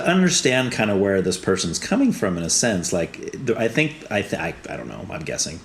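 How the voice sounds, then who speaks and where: A man hosting a casual podcast chat, asking probing questions and gently pushing back. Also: sits low, very animated, a little fast, gravelly, hardly any pauses. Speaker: podcast host.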